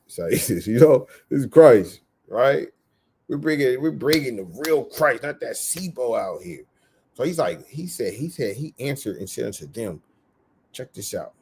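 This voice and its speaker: A man teaches scripture in loose, slang-heavy street talk and acts out the voices of the people in the story. His voice is dark and gravelly with a husky edge. His pitch swings widely as he talks. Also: lively intonation, moderate pace. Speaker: street preacher.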